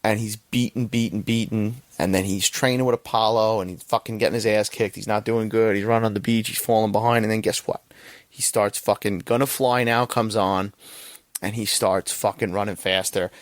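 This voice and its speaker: A man's voice: lowish voice, fairly even intonation, moderate pace, no room sound. A young man hosting a podcast, giving a rambling, profane casual movie review and often checking in with "right?". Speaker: podcast host.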